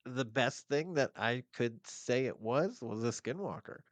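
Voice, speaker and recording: A man as a podcast guest, telling an eerie story in a casual, animated, profane and rambling way. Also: medium pitch, a little slow, no echo.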